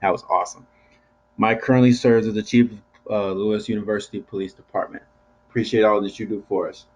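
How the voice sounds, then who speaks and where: A man's voice: fairly low pitch, level tone, fast, rough recording. A young male student co-hosting over a video call, talking in a laid-back, casual way. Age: young adult. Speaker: student co-host. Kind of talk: casual chat.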